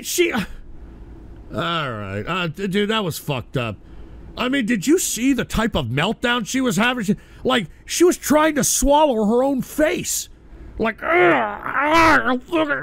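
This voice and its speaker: A man hosting a live stream, reacting with loud, mocking shouts of fake concern. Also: sits high. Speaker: streamer host.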